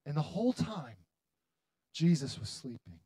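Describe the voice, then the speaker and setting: A man in his thirties preaching a sermon to his church, building to loud, dramatic appeals with long pauses. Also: on the high side, sing-song, no echo. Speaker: pastor. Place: church hall.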